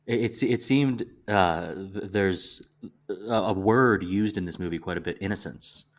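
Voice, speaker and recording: A man from the American South, co-hosting a casual movie podcast, talking in a halting, thoughtful way with frequent restarts. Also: low voice. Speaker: podcast co-host.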